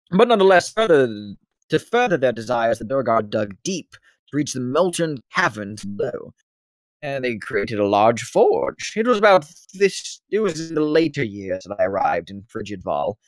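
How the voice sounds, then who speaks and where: A man's voice: medium pitch, no room sound. A man voicing a rambling male former slave who became a wealthy slave-owner, speaking formally in a put-on British accent during a tabletop game. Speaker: non-player character. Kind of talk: tabletop role-play voicing.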